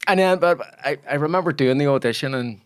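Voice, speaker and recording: A man with a Belfast accent, an actor guest telling a lively anecdote and acting out voices from it. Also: fairly high pitch, fast, clean tone. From Northern Ireland. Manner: animated storyteller, acts out voices in quotes.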